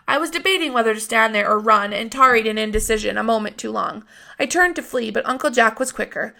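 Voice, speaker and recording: A woman reading a novel aloud with steady storytelling narration. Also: a little high, quick pace, creaky. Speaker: reader of a novel.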